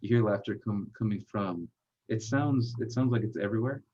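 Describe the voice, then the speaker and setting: A man narrating as game master of a tabletop game, halting, with frequent pauses and fillers. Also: on the low side, mellow. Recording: dull lo-fi recording.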